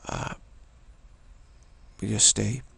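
A man's voice: drawn-out words, pushed and bright, no echo. A man giving a meandering, informal dharma talk as a spiritual teacher, often repeating phrases like a chant.

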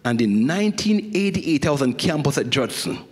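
Guy preaching, highish husky voice, big echoey church sound. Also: a little fast. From Jamaica. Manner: animated storytelling, dropping to hushed intensity. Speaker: guest preacher. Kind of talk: sermon. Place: church sanctuary.

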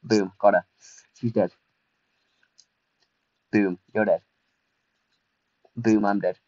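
A young man, chatting casually and excitably through a livestreamed game, self-mocking and full of fillers. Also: on the low side, slow, no echo, dull audio. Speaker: streamer. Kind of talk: casual livestream gameplay commentary.

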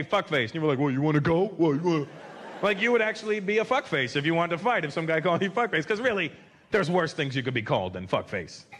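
A male stand-up comedian doing crude, conspiratorial bits on a club stage. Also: high-pitched. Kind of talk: stand-up set. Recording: loud audience laughter and noise.

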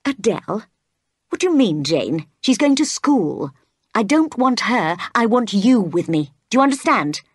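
A woman reading aloud as a brooding, passionate gentleman who is quick to anger, in her own plain voice. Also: on the low side, no room sound, clean studio sound, close to an everyday voice.

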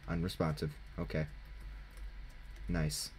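A teenage boy casually commenting on his own gameplay into a desk mic, chatty and jokey, thinking out loud and poking fun at himself. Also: a bass voice, flat delivery, slow, slight background noise. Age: teens. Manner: chatty, jokey, self-mocking, thinking aloud. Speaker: gaming channel host. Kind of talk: casual let's-play commentary. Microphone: desk microphone.

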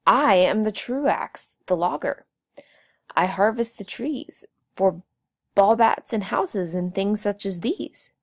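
A woman reading the lines of a calm, friendly male logger in a storybook, patient and soothing. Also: medium pitch, takes it slowly. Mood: welcoming.

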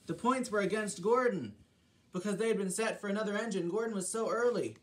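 A man's voice: high voice, fairly quick, low-quality recording. A man narrating a homemade storybook about steam engines, stumbling and restarting now and then. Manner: reading with restarts.

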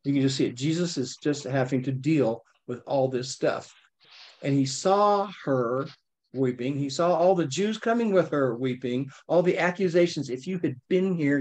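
A man leading a casual Bible study, reading verses aloud and explaining them with lively, animated asides. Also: mid-range voice, slight background noise. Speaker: Bible teacher. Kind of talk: conversational Bible study teaching.

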